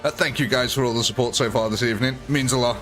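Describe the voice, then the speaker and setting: A man's voice: mid-range voice, fairly even intonation, quick pace, fairly bright tone, faint music behind. A young man chatting through a live gameplay stream, thanking viewers and talking through his choices.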